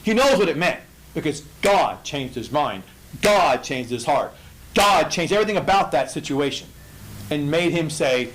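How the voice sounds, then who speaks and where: A man leads an informal Bible study, speaking emphatically and asking many rhetorical questions. His lively delivery swings from low murmurs to loud bursts at a normal speed. The audio is poor.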